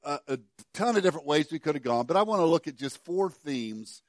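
A middle-aged pastor preaching a sermon, telling a story with many stammered restarts and dropping to soft, quiet passages. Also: male voice, fairly high pitch, lively intonation, fairly quick, no echo, studio quality.

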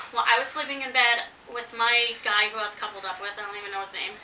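High bright-voiced woman telling a story, echoey room, a bit off mic. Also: a little fast, distant mic, slight background noise. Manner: animated storyteller acting out quotes. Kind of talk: casual chat.

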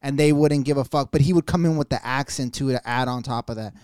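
A man co-hosting a podcast, telling stories in animated casual chat and swearing freely. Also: mid-range voice, quick pace, clean tone, no echo. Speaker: podcast co-host.

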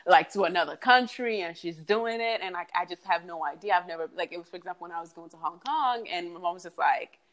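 A woman's voice: on the low side, fast talker, few pauses, fairly bright tone. A young woman guest in a casual podcast chat, speaking earnestly and reflectively with frequent fillers.

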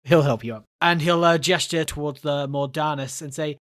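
A woman's voice: sits low, fairly even intonation, normal speed, no room sound. Woman, tabletop player, casual chat, hesitant, fillers, dry.

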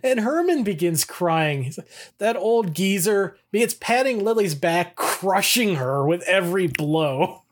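A man's voice: high voice, measured pace. A man co-hosting a podcast, casually recapping a TV episode and acting out the characters' lines as he goes. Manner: animated plot retelling, acts out character lines. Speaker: podcast co-host.

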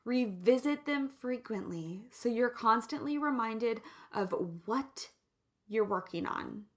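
A woman's voice: on the high side, animated, takes it slowly. A woman giving casual motivational advice in a playful, emphatic way with jokey asides.

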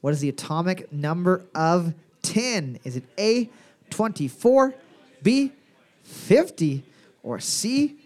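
High-voiced joking quiz host man. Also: sing-song, darkish tone. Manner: crude joking, repeats questions slowly. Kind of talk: live pub quiz hosting on mic.

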